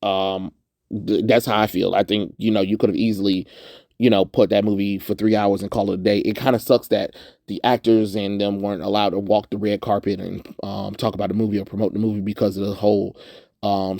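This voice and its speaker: This is a lowish, dark male voice, recorded dry with clean studio quality. The speaker is a young suburban Southerner from the US who chats loosely about a movie, full of "um"s and frequent laughter.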